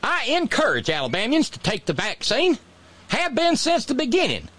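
Guy doing a high strained old lady governor, all bluster and boasting, swoops way up and down. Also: wildly swooping pitch, moderate pace, a bit bright, heavily acted. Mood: boastful. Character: defiant folksy older woman governor, blustery.

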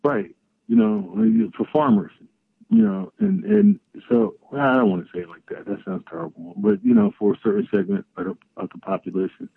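A man's voice: sits high, sing-song, moderate pace, creaky, breathy edge, no echo. A middle-aged man co-hosting a political talk show, rambling and searching for words as he talks. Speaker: co-host. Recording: tinny phone-line audio.

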